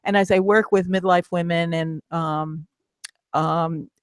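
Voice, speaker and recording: A woman's voice: fairly low pitch, fairly even intonation, slow, dry recording. A middle-aged woman co-hosting a casual talk, chatty, with many restarts and fillers. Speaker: co-host, midlife coach. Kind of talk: casual chat.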